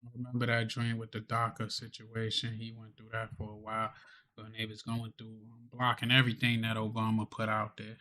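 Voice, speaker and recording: A man's voice: fairly low pitch, monotone, a little fast, sharp tone, slight background noise. A man chatting as co-host on a political talk show in a laid-back, slangy, rambling way. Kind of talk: casual chat.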